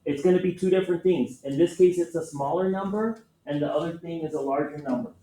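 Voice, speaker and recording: A man's voice: fairly high pitch, fairly quick, mellow. A man teaching a math class, patiently explaining step by step and asking his students questions. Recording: echoey classroom with faint noise.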